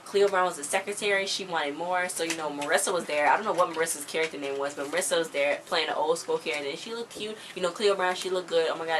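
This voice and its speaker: A woman's voice: low-pitched, fairly bright tone, slight background noise. A woman casually recapping a TV episode, chatting and retelling scenes with lots of "like" and "you know.". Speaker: TV episode reviewer.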